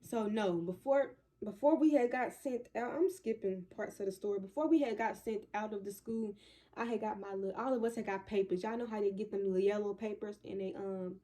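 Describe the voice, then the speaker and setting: A woman spins a casual storytime for her viewers, animated and chatty. She keeps talking straight to them and often circles back to restart a thought. Her voice sits at an everyday middle pitch for a woman. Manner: chatty, loose retelling with restarts. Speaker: vlogger.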